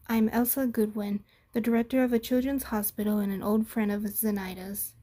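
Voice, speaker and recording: A woman's voice: medium pitch, little pitch movement, moderate pace, dark tone, close to an everyday voice. A woman voicing a guarded hospital director in a story, giving curt, defensive replies.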